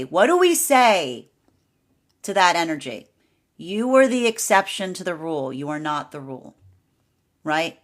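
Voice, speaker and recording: A woman giving a casual tarot energy reading, chatty and repetitive, often tagging sentences with "right?" and swinging between bright emphatic bursts and quiet low stretches. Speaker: tarot reader. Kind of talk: solo tarot reading to camera.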